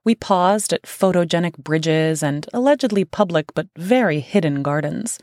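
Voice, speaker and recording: A woman's voice: fairly low pitch, expressive, moderate pace, darkish tone, no room sound, clean studio sound. A woman author reading her own book aloud as an audiobook, casual in tone with wry asides. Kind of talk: audiobook narration.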